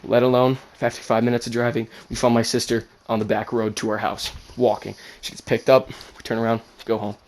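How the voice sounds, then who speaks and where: A man casually telling a personal story, animated, swearing freely and acting out the people in it. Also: medium pitch, brisk, few pauses. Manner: animated, swears, acts out quotes.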